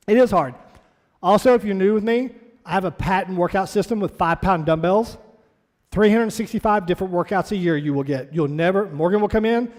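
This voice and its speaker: Blunt high-voiced fitness trainer in an echoey hall. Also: male voice, a little fast, darkish tone. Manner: blunt, motivational, talks straight to the group. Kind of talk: orientation talk to a class. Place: fitness studio classroom.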